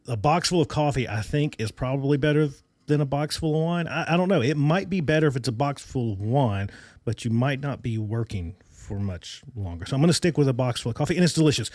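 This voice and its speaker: A man in his thirties hosts a casual solo podcast from his desk microphone. His voice sits at an ordinary middle pitch, and the sound is dry and close with no room around it. He talks with an excitable, rambling energy and drops in quick laughs and fillers. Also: no room sound. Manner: chatty and enthusiastic, with frequent fillers and laughs. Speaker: podcast host.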